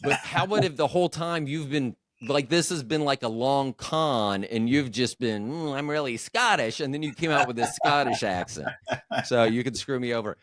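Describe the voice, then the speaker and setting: A man's voice: medium pitch, normal speed, fairly bright tone, no echo, clean studio sound. A man hosting a casual podcast chat, rambling and joking at his own expense. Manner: joking, rambling, self-deprecating. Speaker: podcast host.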